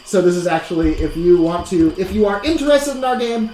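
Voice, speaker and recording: A woman hosting a tabletop game stream, excitable, laughing often and swearing casually. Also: on the low side, fairly quick. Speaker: player and stream host. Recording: roomy stream mic with background noise.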